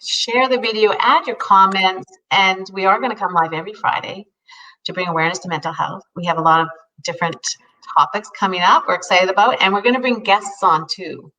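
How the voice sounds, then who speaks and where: A grandmother co-hosting a live chat, her voice somewhat back from the mic. She tells stories with animated energy and acts out her own thoughts in quoted asides. Her pitch sits in an ordinary middle range. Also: fairly quick, recorded from a distance, poor audio. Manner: animated storytelling, acting out her own inner voice. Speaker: co-host.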